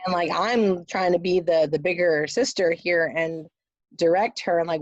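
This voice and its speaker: A woman's voice: fairly low pitch, normal speed, dry recording. Chatty woman in a dull dry recording. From rural Florida. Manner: chatty, lots of "like" and "um". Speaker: guest. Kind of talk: casual storytelling.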